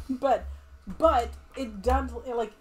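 A woman's voice: a little high, steady tone, takes it slowly, faint music behind. A woman playing in a tabletop game, chatting casually and laughing often. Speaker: player.

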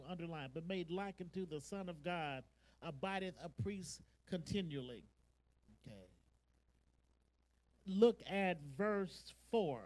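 A man preaching, reading verses aloud and telling the congregation what to underline, then rising to loud, half-sung preaching. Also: sits high, rough recording. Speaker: pastor. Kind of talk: sermon.

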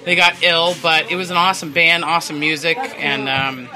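A man's voice: on the high side, fairly even intonation, fairly quick, low-quality recording. A man, chatting casually on a live bar podcast, rambling with lots of fillers and some swearing. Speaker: co-host, former band singer. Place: crowded bar, live show. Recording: live bar with loud crowd.

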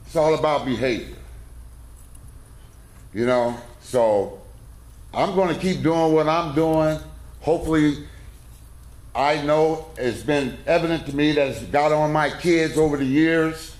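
A man's voice: on the high side, unhurried, long pauses. A middle-aged man, a coach, telling a rambling, folksy, self-deprecating story to a men's conference in a church. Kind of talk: casual talk with a story. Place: church hall. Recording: echoey room.

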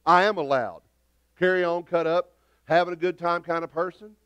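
A man's voice: high voice, fairly even intonation, moderate pace, fairly bright tone, smooth, highs cut off. A middle-aged man, preaching a sermon as pastor in a folksy, rambling storytelling way with many restarts. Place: church sanctuary.

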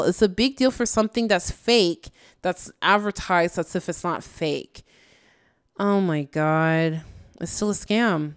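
A woman's voice: lowish voice, clean tone, no room sound, studio quality. A woman giving casual, exasperated reaction commentary, slangy and tired late at night. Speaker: YouTube commentator.

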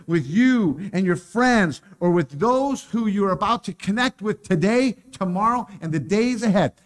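A man preaching a casual sermon, joking and laughing often as he talks. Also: high-pitched.

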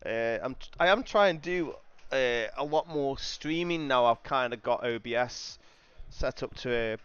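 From his home sim racing rig, a middle-aged streamer chats casually with viewers on a live stream, laid-back and calling everyone "mate". His mid-range voice is smooth and a bit bright at a measured pace, on a dry recording with dull audio.

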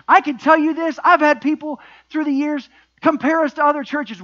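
A man's voice: very high voice, fairly even intonation, moderate pace, fairly bright tone, dull audio. A middle-aged man preaching a sermon as pastor, emphatic, with repeated refrains and rhetorical questions.

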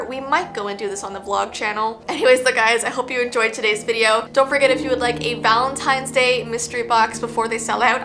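A young woman who narrates stories on video, reading rhymes in a hushed sing-song and then chatting excitedly. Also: on the high side, vocal fry. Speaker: YouTube storyteller. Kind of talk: dramatic storytime narration. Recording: voice with loud background music. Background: background music.

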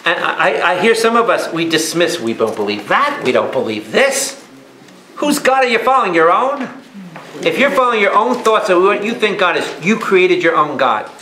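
A man's voice: high voice, expressive, fairly quick, bright, forceful tone, a little hiss or hum. A man, a priest leading a Bible study for a live group, who speaks emphatically and keeps firing questions at his listeners. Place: a meeting room or church hall with a live audience. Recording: echoey room.

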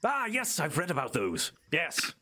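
A man's voice: on the high side, wildly swooping pitch, unhurried, pushed and bright, voice pushed up, full character voice. A man voicing a courteous, well-read male ettercap islander in a tabletop game, speaking in polite, formal phrases. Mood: explanatory. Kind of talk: tabletop role-play character voice.

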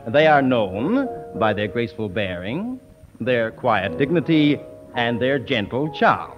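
A man's voice: mid-range voice, sing-song, takes it slowly, over music. A man doing a mock-solemn comic stand-up routine on an archival radio broadcast. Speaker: comedian.

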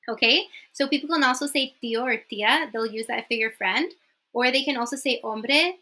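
A young woman with a bright, sharp-edged voice pitched a little high. She teaches in a relaxed vlog style and chats through her points. She keeps pausing to ask "okay?". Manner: chatty, often checks in with "okay?". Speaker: language teacher. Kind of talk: casual vlog lesson.

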